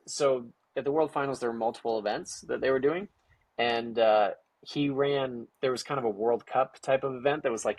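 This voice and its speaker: A man telling stories casually in an interview, lively and acting out quoted dialogue with lots of "like" fillers. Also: mid-range voice, no room sound. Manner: animated, acts out quoted dialogue with many "like" fillers. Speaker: guest, parent of a young ninja athlete. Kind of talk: casual storytelling conversation.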